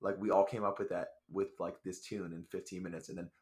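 Fast-talking low-voiced young man. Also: flat delivery. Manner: rapid, chatty storytelling with many fillers. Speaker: podcast guest, musician. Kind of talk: casual chat.

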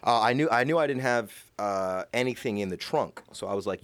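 A man's voice: mid-range voice, expressive, a little fast, a bit bright, no echo. A young man telling a story in casual chat, swearing and acting out quotes.

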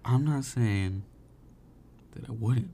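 A man's voice: mid-range voice, slow, warm tone. A young man co-hosting a casual podcast, joking and dodging questions, often acting out the lines of people he quotes. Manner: jokey, evasive, acts out quoted voices. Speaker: podcast co-host.

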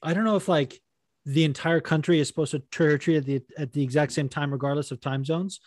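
A laid-back man from Las Vegas, trading stories on a podcast with easy, casual swearing. His voice sits a little high for a man. The recording is dry and close, with no room echo. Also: fairly even intonation, fast, a little mellow. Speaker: podcast co-host.

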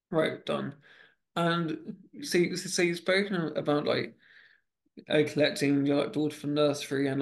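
A man hosting a podcast in casual chat, rambling with many restarts and fillers. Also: on the high side. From United Kingdom. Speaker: podcast host.

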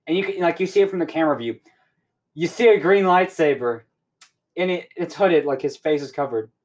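A young man hosting a podcast, rambling excitedly through a casual recap and swearing often. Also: on the high side, fairly quick. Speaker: podcast host.

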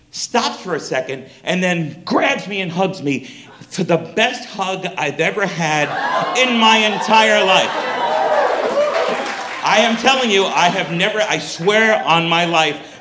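A middle-aged male stand-up comedian telling a story on stage, animated and profane. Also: fairly high pitch.

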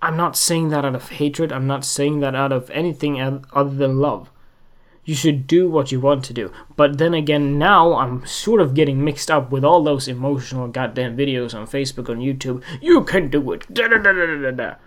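A man's voice: medium pitch, fairly even intonation, normal speed. A man hosting a solo podcast, talking in a rambling, emphatic way, swearing often and putting questions straight to the listener. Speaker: podcast host.

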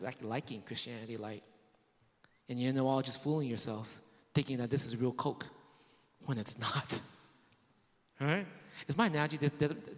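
A man's voice: medium pitch, big-room sound. A man preaching a sermon in a conversational way, asking his listeners rhetorical questions and tossing in casual fillers. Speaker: pastor.

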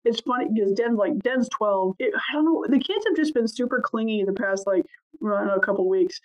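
A woman's voice: on the high side, a little fast. A woman podcast co-host in casual chat, telling family stories and swearing freely. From Ohio. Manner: chatty storyteller, swears freely. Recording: muffled lo-fi audio.

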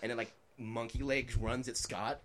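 A man's voice: medium pitch, fairly even intonation, moderate pace, crowd noise. A man in his twenties telling prank stories in a casual chat, rambling with lots of filler words and laughing as he goes.

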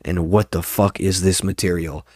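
Deep-voiced young man ranting casually. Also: fairly even intonation, normal speed, darkish tone, breathy edge, no echo, studio quality. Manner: rambling, profane, ranting. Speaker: podcast host, open mic comedian. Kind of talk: casual monologue.

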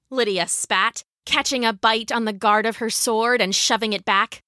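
A woman narrating a scripted children's story in a measured, vivid way. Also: a little high, steady tone, sharp tone, no echo, clean studio sound.

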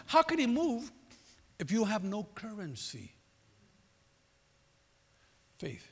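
A man preaching a sermon, repeating his phrases with emphasis and prodding the congregation with quick questions. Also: high voice, wildly swooping pitch, breathy edge. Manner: repetitive, emphatic, prods the audience with "huh?". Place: church sanctuary. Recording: long hall reverb.

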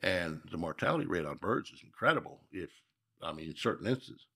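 Deep gravelly husky man. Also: big pitch swings, a little fast, a bit bright. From Minnesota. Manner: reflective, folksy with emphatic repeats. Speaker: guest. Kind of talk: casual storytelling interview.

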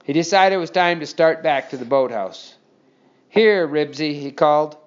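Male narrator reading a children's story, fairly high voice, dull lo-fi recording. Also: fairly quick. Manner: steady expressive storytelling.

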